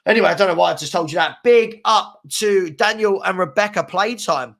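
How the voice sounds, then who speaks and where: A man chats casually on a live stream, reading out viewer comments as he goes. His voice is bright and forceful and sits a bit high for a man. He rambles, uses slang and says the same phrases over and over. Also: a little fast, gravelly. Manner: chatty, rambling, repeats himself, slangy. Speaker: football chat show host.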